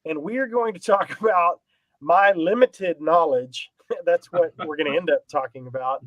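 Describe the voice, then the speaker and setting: A man's voice: a little high, moderate pace, dry recording, low-quality recording. A man co-hosting a casual podcast chat, rambling and self-deprecating, laughing often. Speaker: podcast co-host.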